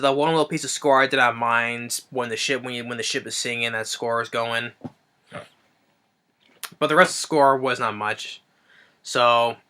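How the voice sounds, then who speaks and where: A man giving a casual spoken film review, halting and restarting his phrases as he thinks aloud. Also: mid-range voice, pushed and bright. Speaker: movie reviewer.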